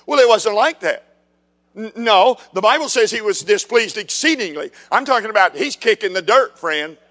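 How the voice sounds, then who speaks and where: A man's voice: high-pitched, animated, moderate pace, fairly bright tone, big-room sound. A man preaching a sermon in an emphatic, fiery way, piling up repeated words for force.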